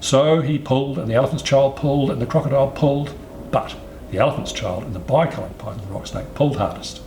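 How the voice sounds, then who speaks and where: Creaky-voiced man reading a storybook. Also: medium pitch, quick pace, a little hiss or hum. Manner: expressive, sing-song storytelling. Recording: roomy echo, faint ambience.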